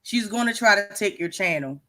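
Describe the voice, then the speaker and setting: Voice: medium pitch, expressive, brisk, bright, forceful tone. A livestream co-host giving emphatic, profane commentary and often repeating words.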